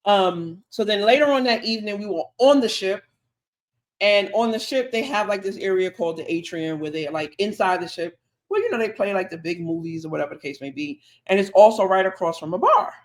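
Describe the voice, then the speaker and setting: Podcast co-host, casual storyteller, chatty, mid-range voice. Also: mid-range voice. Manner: chatty, drawn-out anecdote with quoted dialogue.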